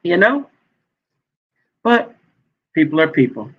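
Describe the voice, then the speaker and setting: A man giving sassy, animated gossip commentary as a vlogger, laughing often. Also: fairly high pitch, slow pace, slightly rough. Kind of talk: casual commentary. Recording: dull lo-fi sound.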